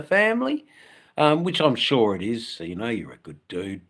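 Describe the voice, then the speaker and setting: A man's voice: mid-range voice, wildly swooping pitch, normal speed, a bit bright. An Australian man from Western Australia, chatting casually at home on a live stream for his motorcycle channel, rambling with lots of ums and the odd swear word.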